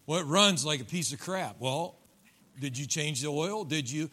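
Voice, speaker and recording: A middle-aged man delivers a sermon from a church pulpit with a folksy, teasing manner. His voice sits a little high and rings bright and forceful, and he slips into playful voices of his listeners. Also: lively intonation, moderate pace. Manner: folksy, joking preacher acting out congregants. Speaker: pastor. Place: church sanctuary.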